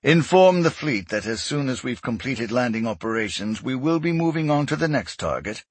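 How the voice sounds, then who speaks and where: A man voicing a ruthless male imperial fleet lord who speaks in a calm, clipped, detached way. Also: medium pitch, normal speed, slightly rough, no room sound, voice pushed up.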